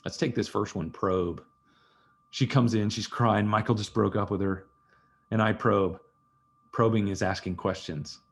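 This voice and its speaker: A man with a lowish, creaky voice speaks slowly and steadily, with long pauses. As a communication skills trainer running an online session on listening over a video call mic, he talks conversationally and tells stories in which he acts out the dialogue.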